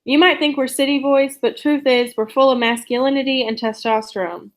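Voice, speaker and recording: A woman's voice: sits high, fairly even intonation, a little fast, natural voice. A woman voicing a brash, joking teenage boy in a novel read aloud, teasing and boastful.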